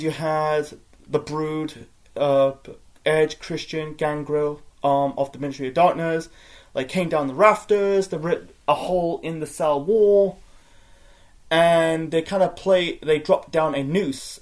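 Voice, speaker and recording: A man's voice: on the high side, a little mellow. A man giving a rambling, profane spoken wrestling review, full of fillers and restarts.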